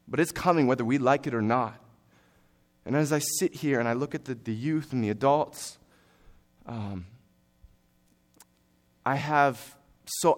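A young man preaches a sermon in a mid-range voice. He starts earnest and conversational, using fillers, then builds to forceful exhortation.

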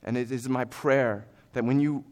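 A young man preaching a sermon, earnest and conversational with fillers, building to forceful exhortation. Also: mid-range voice, fairly even intonation, moderate pace.

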